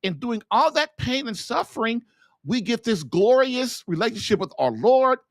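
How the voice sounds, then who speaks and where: A man's voice: extremely high pitch, sing-song, moderate pace, no room sound, clean studio sound. A man hosting a podcast, delivering an impassioned religious monologue full of rhetorical questions and repeated phrases. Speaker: podcast host and marriage coach.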